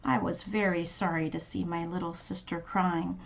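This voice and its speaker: A woman reading a children's storybook aloud in a soft, gentle, sometimes whispery manner. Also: on the low side, steady tone, moderate pace, vocal fry.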